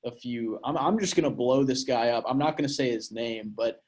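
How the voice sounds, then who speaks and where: A man's voice: medium pitch, a little fast, a little mellow. A young man from Portland, Oregon, telling a story on a chatty podcast. His voice sits in the middle register, and he talks in a loose, crude, rambling way, full of filler words. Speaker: podcast co-host. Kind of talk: casual storytelling chat.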